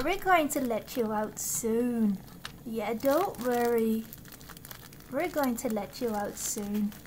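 A woman's voice: high voice, a little mellow, a little hiss or hum, poor audio. A woman filming at home with a handheld camera, cooing baby talk to her cats. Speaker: cat owner filming at home. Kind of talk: casual home video, talking to pets. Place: home indoors.

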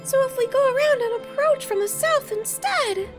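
A woman voicing a timid, earnest young boy soldier in a high, childlike voice, reading game dialogue aloud. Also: moderate pace. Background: faint game music.

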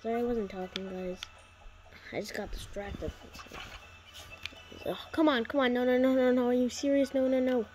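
A woman giving casual, excitable commentary while playing a racing game, reacting loudly to setbacks. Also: a little high, moderate pace, pauses often. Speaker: gaming video creator.

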